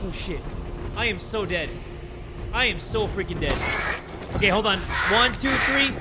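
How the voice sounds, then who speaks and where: Excitable guy yelling through a horror game, high voice, jumps all over the place. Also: unhurried, heavy background noise. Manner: excitable, screams and yells at jumpscares; jokey, swears a lot. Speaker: gaming YouTuber. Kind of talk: horror game let's play commentary.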